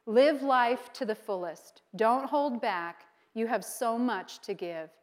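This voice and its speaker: A middle-aged woman pastor preaching a sermon, telling a personal story with lively acted-out quotes and frequent laughter. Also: a little high, slow.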